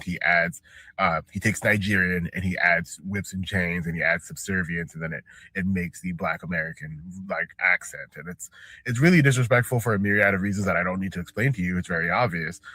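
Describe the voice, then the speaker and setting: A man giving measured, explanatory commentary that lays out his reasoning step by step. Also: sits low, bright, forceful tone, slightly rough, no room sound. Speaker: social media commentator. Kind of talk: analytical commentary.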